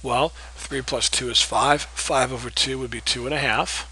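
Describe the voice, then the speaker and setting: A man's voice: mid-range voice, steady tone, normal speed, pushed and bright, breathy edge, rough recording. A man teaching a recorded geometry lesson, patiently walking through problems and checking in with "okay?". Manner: patient, repeats key points with checks like "okay?". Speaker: math teacher.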